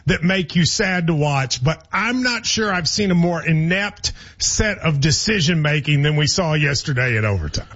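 A man's voice: a little high, expressive, normal speed, few pauses, a bit bright, breathy edge, highs cut off. A man hosting a sports radio show, chatty and wry. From Kentucky. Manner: chatty, wry, laughs easily. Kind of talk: casual sports talk.

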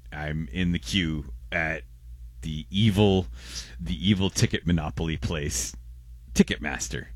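A man's voice: deep voice, no room sound. A man co-hosting a podcast, chatting casually and playfully about odd words and making puns. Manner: playful, wordplay-loving, animated. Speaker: podcast co-host. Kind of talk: casual chat.

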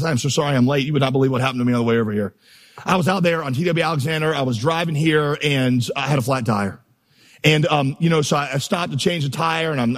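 Male pastor, sermon, animated storytelling, slightly high voice, long hall reverb. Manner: animated preaching with storytelling and rhythmic lists. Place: church auditorium.

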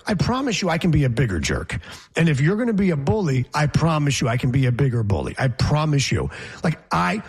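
A man, a reporter, telling a story in casual chat, emphatic and animated. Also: on the high side, slightly rough. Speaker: reporter guest.

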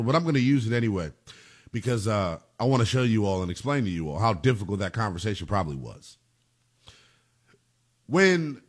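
Animated, bright-voiced sports radio host. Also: male voice, mid-range voice. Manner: animated, emphatic, preachy. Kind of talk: sports talk radio monologue.

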